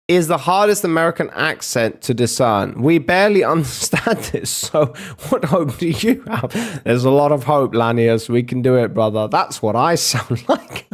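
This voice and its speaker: A man's voice: mid-range voice, lively intonation, a little slow. A young man streaming and reacting to videos in casual, profane banter, joking around and trying out accents.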